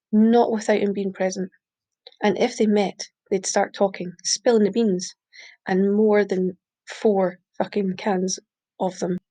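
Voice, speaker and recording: A woman reading a short story aloud, steady, with small slips she corrects. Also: mid-range voice. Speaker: reader. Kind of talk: audiobook reading.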